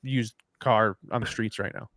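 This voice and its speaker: A man's voice: on the low side, fairly even intonation, normal speed, a bit bright, no room sound, studio quality. A man co-hosting a live podcast, chatting loosely and rambling, swearing casually. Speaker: podcast co-host. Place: at home after dinner.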